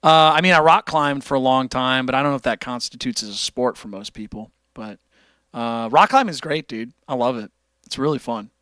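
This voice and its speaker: A man's voice: medium pitch, a little fast, no room sound. A man hosting a casual livestream, chatting loosely and profanely while reading out donations. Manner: loose, profane, animated, reads donations aloud. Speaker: livestream host.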